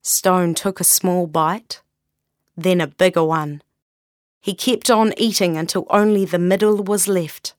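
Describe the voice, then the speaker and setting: A woman reading a children's story aloud in a gentle, unhurried storytelling manner. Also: fairly low pitch, steady tone, no room sound, studio quality.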